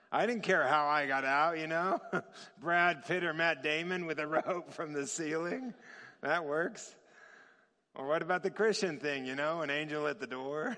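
A man preaching a sermon, telling a story and acting out the dialogue with laughter. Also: sits high. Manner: animated, acts out dialogue with laughter. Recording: long reverb of a large hall.

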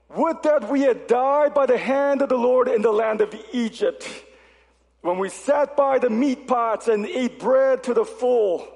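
A man preaching a sermon, reading scripture aloud and asking the congregation rhetorical questions with animated delivery. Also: extremely high pitch, gravelly, in a large hall. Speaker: pastor.

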